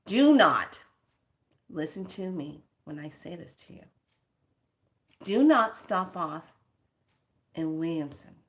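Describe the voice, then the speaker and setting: A woman spiritual teacher telling a story in an animated, emphatic and sassy way. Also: low voice, slow pace, pauses often.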